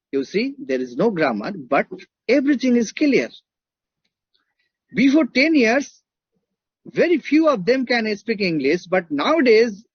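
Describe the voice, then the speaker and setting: A man's voice: sits high, slightly rough, dry recording, lo-fi sound. A man with an Indian accent giving a classroom lecture, emphatic and repeating his points while checking in with "right?".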